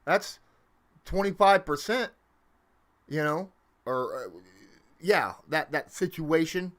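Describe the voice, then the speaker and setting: A man hosting a casual livestream from his home, rambling with lots of fillers and swinging up and down in pitch and loudness. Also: expressive, takes it slowly. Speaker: livestream host.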